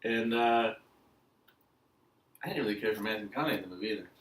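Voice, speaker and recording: A man's voice: on the low side, quick pace, fairly bright tone. A man co-hosting a casual movie chat, giving blunt opinions with joking asides. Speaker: podcast co-host. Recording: echoey room, mic at a distance.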